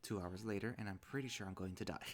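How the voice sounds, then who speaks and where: A man's voice: fairly low pitch, quick pace. A man casually reading a visual novel aloud, now and then commenting on his own reading.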